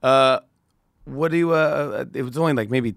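Man, guest, casual chat, excited storyteller, acts out dialogue, mid pitch, dry. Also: moderate pace, gravelly, no echo.

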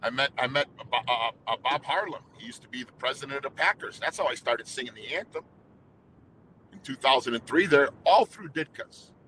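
A man's voice: mid-range voice, expressive, bright, forceful tone, a little hiss or hum, low-quality recording. A middle-aged man, a singer, telling stories as a guest in an interview, talking intensely and emphatically. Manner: intense, emphatic, fast-flowing. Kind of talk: casual interview storytelling.

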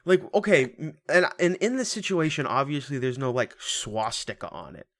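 A man's voice: mid-range voice, lively intonation, moderate pace, a bit bright, no room sound. Crude joking podcast guy. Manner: joking, crude, rambling with many restarts. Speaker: podcast co-host. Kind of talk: casual podcast chat.

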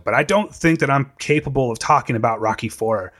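Man, podcast co-host, tearful, profane, casual movie talk, mid-pitched voice. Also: fast talker, fairly bright tone. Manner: emotional, choked up, profane. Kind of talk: casual movie review chat.

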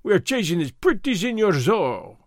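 A man voicing a loud, bullying soldier sergeant who blusters and threatens, in an audiobook reading. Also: sits high, big pitch swings, normal speed, dry recording, clean studio sound.

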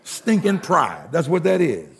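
A man's voice: a little high, huge pitch swings, a little slow, creaky, breathy edge, long reverb tail. A man preaching a sermon as pastor, rhythmic and emphatic, mixing humor with calls to the congregation.

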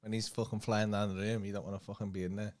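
A man with a Scouse accent, co-hosting a casual comedy podcast, sweary and jokey, jumping high in pitch when excited. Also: quick pace. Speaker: podcast co-host. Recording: faint background noise.

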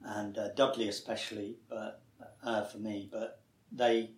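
A man tells a showbiz anecdote in a chatty, animated way. He slips into quoted voices and laughs along with the story. The room around him is echoey. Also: lowish voice, measured pace. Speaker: actor guest. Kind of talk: anecdotal interview chat.

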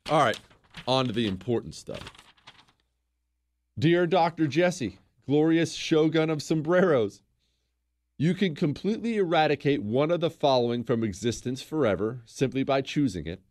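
A man's voice: a little high, animated, normal speed. A man hosting a talk show, ranting sarcastically and with emphasis. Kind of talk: opinionated radio talk.

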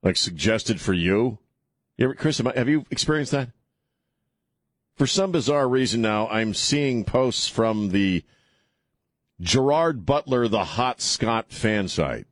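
A man's voice: mid-range voice, lively intonation, a little slow, no echo, studio quality. A middle-aged man hosting a call-in radio show, rambling and sarcastic as he restarts his sentences. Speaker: radio talk show host. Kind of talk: casual talk radio monologue. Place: radio studio.

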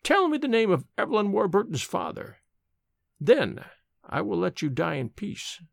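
A man voicing an ancient female nurse who questions a dying man slowly and insistently. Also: high-pitched, big pitch swings, gravelly, dry recording, studio quality, pitched above the performer's own voice, exaggerated voice. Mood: relentless. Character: ancient crone nurse, relentless and grim.

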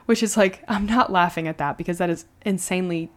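A woman's voice: lowish voice, fast. A woman hosting a podcast, casually retelling a true story with lots of conversational fillers. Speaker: podcast host.

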